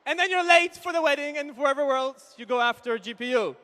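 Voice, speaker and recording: Extremely high-pitched and animated, a thirty-something comedian works a large hall crowd through a live mic, doing fast character voices of wives and husbands in his stand-up set.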